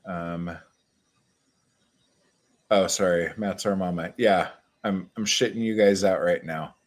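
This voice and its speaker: A man chatting casually with viewers and reading his own poems on a livestream from a dim room at home, swearing often and reading the verse slowly. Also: low-pitched, fairly even intonation. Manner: profane, chatty, slow deliberate reading.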